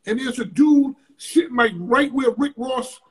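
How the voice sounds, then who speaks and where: A man guest in an interview, telling a story in a casual, profane, animated way with sudden loud bursts. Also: very high-pitched, unhurried, slightly rough.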